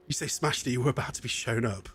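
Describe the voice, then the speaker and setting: A man's voice: mid-range voice, husky. A young English man streaming live, chatting in a rambling way and laughing often, a bit wheezy from asthma. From England. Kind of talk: casual live-stream chat.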